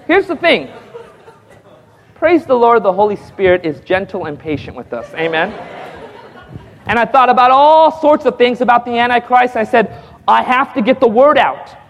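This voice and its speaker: Man, evangelist, high-pitched voice, lively storytelling, acts out dialogue, chuckles, asks crowd for responses, reverberant hall. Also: normal speed, long pauses. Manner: calls out to the audience for responses. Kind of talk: testimony preached to a congregation.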